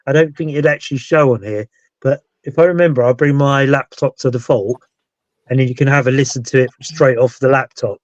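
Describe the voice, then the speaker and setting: A man's voice: medium pitch, brisk, no room sound. Rambling British man on a dull lo-fi line. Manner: rambling, loses his thread and restarts. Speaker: paranormal investigator and show host. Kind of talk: casual live-stream chat. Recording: dull dry lo-fi sound.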